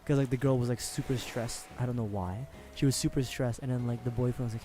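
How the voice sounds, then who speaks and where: A man's voice: medium pitch, steady tone, fast, hardly any pauses. A young man streaming a game, chatting casually in a rambling way, swearing and laughing often. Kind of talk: casual livestream chat while gaming.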